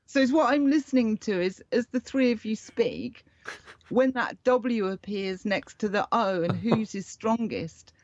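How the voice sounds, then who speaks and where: A woman's voice: on the high side, measured pace, darkish tone, no room sound, highs cut off. A woman from the United Kingdom in casual chat, wryly explaining news to co-hosts. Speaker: co-host.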